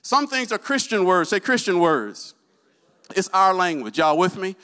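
Guy preaching, high bright voice, keeps asking y'all with me, amen. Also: sing-song, a little slow, smooth. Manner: call-and-response, asks the congregation questions. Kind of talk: sermon.

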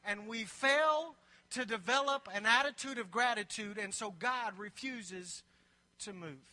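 A man's voice: high-pitched, measured pace, pushed and bright. A man preaching a sermon as pastor, with repeated build-up phrases and playful asides. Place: church sanctuary. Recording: long reverb of a large hall.

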